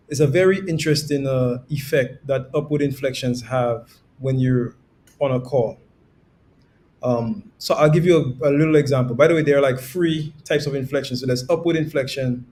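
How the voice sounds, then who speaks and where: A man coaching on sales, explaining in a relaxed podcast conversation and acting out little quoted examples. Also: medium pitch, slight background noise. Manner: demonstrates tones with quoted examples, laughs easily.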